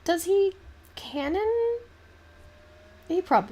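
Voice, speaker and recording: A young woman with a Southern US accent, chatting casually on a livestream in a halting, rambling way with many restarts. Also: high-pitched, huge pitch swings, gravelly, warm tone, slight background noise. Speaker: livestream host. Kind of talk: casual chat while painting on stream.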